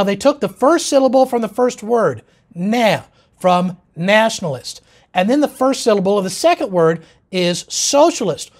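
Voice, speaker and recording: Emphatic man lecturing with a lively voice. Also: sits high. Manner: emphatic, insistent. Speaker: presenter. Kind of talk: political lecture.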